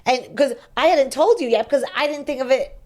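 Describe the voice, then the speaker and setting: A woman's voice: sits high, fairly quick, a little mellow. A woman podcast host in casual chat, telling a story with lots of back-and-forth and quoted messages.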